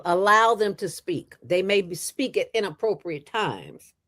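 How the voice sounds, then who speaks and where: A middle-aged woman, a former radio host and founder, talking as an interview guest in an animated, emphatic and playful way. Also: mid-range voice. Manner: fast talker from years on radio. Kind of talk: casual interview chat.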